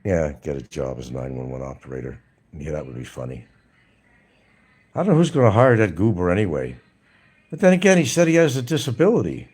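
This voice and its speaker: A man's voice: low-pitched, wildly swooping pitch, fairly quick, a little mellow, husky. A man hosting a live stream, talking casually in a blunt, mocking way to his viewers. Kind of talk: casual livestream monologue.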